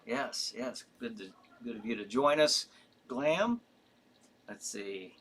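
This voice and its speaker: A man hosting a live stream in a loose, chatty way. His pitch moves around a lot as he reads out viewer comments and answers them. He rambles, fills pauses and circles back on himself. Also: lively intonation, a bit bright, husky. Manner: rambling, with many fillers and restarts. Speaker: host. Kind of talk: casual live-stream chat.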